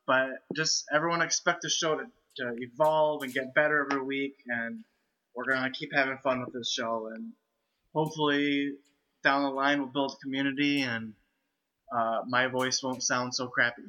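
A man's voice: mid-range voice, steady tone, moderate pace, sharp tone. A man hosting a casual podcast chat, speaking hesitantly with frequent restarts. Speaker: podcast host. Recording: lo-fi home mic.

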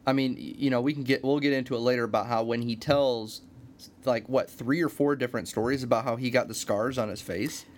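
A man's voice: medium pitch, fairly even intonation, fairly quick. A man chatting casually about a movie as a podcast co-host, agreeable and easygoing. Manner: agreeable, backchannels often. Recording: faint background noise.

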